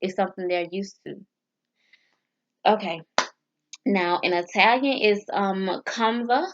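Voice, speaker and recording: A woman's voice: medium pitch, takes it slowly, lo-fi sound. A woman vlogger chatting casually as she practices phrases, hesitant and stumbling over foreign words. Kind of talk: casual study vlog.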